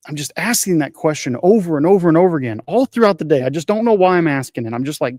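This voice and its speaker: Guy on a christian podcast, kinda high voice, earnest and emotional, dry close sound. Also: lively intonation, quick pace, hardly any pauses, darkish tone, no room sound. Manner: earnest, emotional storytelling with repeated phrases; frequent restarts and fillers. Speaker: podcast co-host. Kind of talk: casual faith podcast chat.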